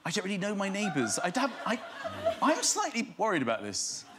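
Animated English comedian on a chat show. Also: male voice, high voice, brisk, heavy background noise. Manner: animated storytelling, bursts into laughter and put-on voices. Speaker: comedian guest. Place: TV studio with live audience.

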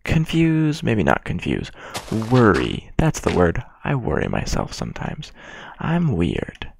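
A man's voice: on the low side, huge pitch swings, unhurried, creaky, a little hiss or hum. A man giving casual gameplay commentary, rambling and mocking himself as he chats to the game's characters. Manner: rambling and self-mocking, chatting to game characters. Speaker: gaming video creator.

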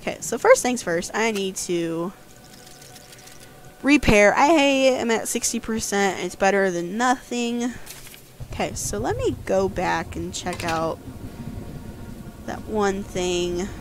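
A woman giving casual let's-play commentary as a guest host, jumpy and quick to yelp when frightened. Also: mid-range voice, animated, slight background noise. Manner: jumpy, yelps and squeals when scared.

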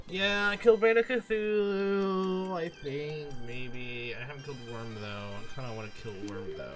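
A man streaming a game, rambling and joking to himself as he plays. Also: mid-range voice. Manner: rambling, jokey, talks to himself. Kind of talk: casual gameplay commentary. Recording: loud music under the voice. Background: game music.

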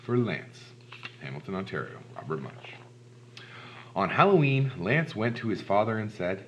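A man reading a children's storybook aloud in an expressive, animated way. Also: fairly low pitch, moderate pace, slight background noise. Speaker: storybook reader. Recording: dull lo-fi recording.

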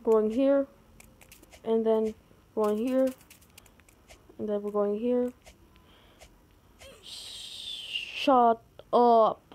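Slow-talking, excitable female gamer. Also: a little hiss or hum. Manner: excitable, with sudden high outbursts. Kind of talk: gameplay commentary.

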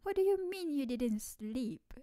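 Woman doing a cocky tomboy bff, teasing, slow easy talk, dry close mic, asmr roleplay. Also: high voice, expressive, mellow, dry recording. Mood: playful. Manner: teasing, playful, laughs often. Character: energetic teasing tomboy childhood best friend, young woman. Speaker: ASMR voice actress. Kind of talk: ASMR role-play.

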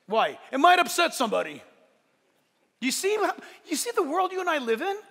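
A pastor preaching a sermon to his church, emphatic and animated, with joking asides. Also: very high-pitched, moderate pace. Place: church sanctuary during a service. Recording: long reverb of a large hall.

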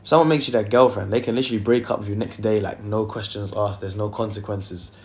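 This young man speaks fast in a fairly low, steady voice while hosting a livestream on his phone. A singer by trade, he's loose and chatty, uses lots of fillers as he reads viewer comments, and sings softly between them.

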